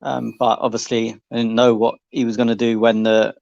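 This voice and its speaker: A man co-hosting a fan podcast, talking in a relaxed way and thinking aloud. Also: medium pitch, a little fast, vocal fry, no room sound. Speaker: podcast co-host. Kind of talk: casual chat. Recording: dull dry mic.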